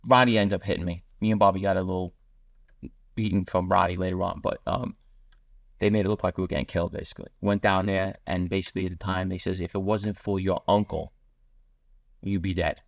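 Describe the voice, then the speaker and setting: This low-voiced man speaks with a flat delivery and vocal fry, recorded at studio quality with no room sound. Appearing as a podcast guest, he rattles off blunt street stories quickly, doing the voices of the people he quotes.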